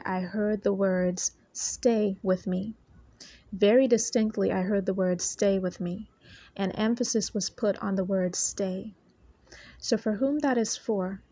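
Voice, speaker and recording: A woman delivering a prophetic word to her online followers in an earnest, measured preaching manner, speaking from a noisy spot. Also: mid-range voice, mellow, no room sound. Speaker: prophetic minister.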